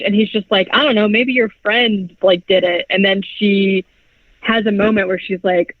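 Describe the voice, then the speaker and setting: Male podcast host, high voice, filler-heavy movie recap, dull lo-fi audio. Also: fairly even intonation, no room sound. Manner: rambling, filler-heavy, acts out film lines in quick voices. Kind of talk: casual movie recap chat.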